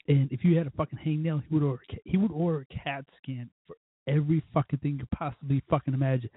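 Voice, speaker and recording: A man hosting his own show, telling rambling, profane stories in a casual drunken way, with sudden loud bursts. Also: fairly high pitch, steady tone, fast, husky, narrow, tinny audio. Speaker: podcast host.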